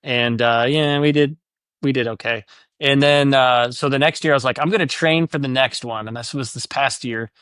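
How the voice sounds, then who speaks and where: A man's voice: medium pitch, fairly even intonation, normal speed, fairly bright tone, clear, resonant tone, no room sound, studio quality. A podcast host in casual chat, animatedly telling a story and acting out the voices he quotes. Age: adult, divorced four years ago.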